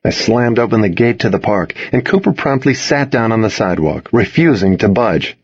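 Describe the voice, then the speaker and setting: Male first-person audiobook reader, low husky voice, dull dry recording. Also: moderate pace, no room sound. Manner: earnest, expressive dialogue reading. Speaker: audiobook narrator.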